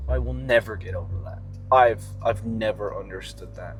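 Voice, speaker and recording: A man's voice: on the low side, moderate pace, creaky, background noise. A man talking casually in a vlog, rambling and swearing freely as he rants and muses about his workouts. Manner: profane, rambling and animated. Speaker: fitness vlogger.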